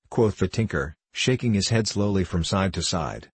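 A man narrating a storybook audiobook in a measured, even reading. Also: low-pitched, husky, dry recording.

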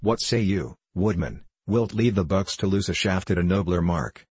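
A man's voice: low voice, animated, normal speed, a little mellow, breathy edge, dry recording. A man voicing a boastful, swaggering English archer soldier who talks freely and heartily. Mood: hearty boasting. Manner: hearty, boastful, free-spoken.

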